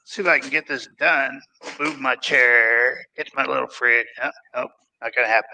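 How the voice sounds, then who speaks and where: Gravelly, forceful-toned man; folksy rambling co-host of a casual book chat, dry close sound. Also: mid-range voice, fairly even intonation, normal speed, dry recording, low-quality recording. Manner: loose, rambling, folksy, with frequent restarts. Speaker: podcast co-host.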